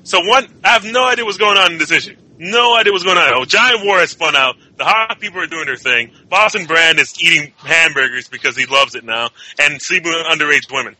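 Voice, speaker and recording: A man chatting about comics in a rambling, puzzled way, circling back over his points. He talks quickly with a sharp, very bright tone and a slightly higher pitch. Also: poor audio. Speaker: podcast co-host. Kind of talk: casual comic book review chat.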